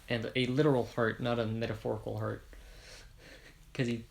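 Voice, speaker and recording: A man's voice: mid-range voice, fairly even intonation, unhurried, vocal fry. A man from Ireland casually retelling a fan story, rambling with self-corrections and jokey asides.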